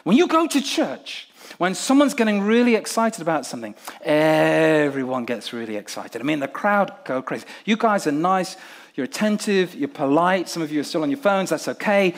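A man from Nigeria preaching a sermon in an animated, humorous way, acting out crowd responses. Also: on the high side, normal speed.

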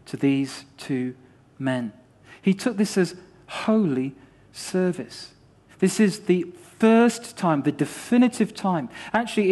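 A man preaching to his congregation with a high, bright-sounding voice. He drives his points home through repetition, swinging between quiet asides and lifted calls to action. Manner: animated preaching with repetition and acted-out dialogue. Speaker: pastor. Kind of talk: sermon.

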